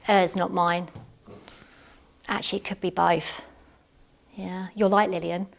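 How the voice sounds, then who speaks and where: A woman playing a chatty, cleaning-obsessed housewife in a live one-woman comedy monologue, gushing and excitable, full of rambling asides. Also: on the low side, unhurried, gravelly. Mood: gushing chatter. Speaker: stage comedy performer. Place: theatre stage.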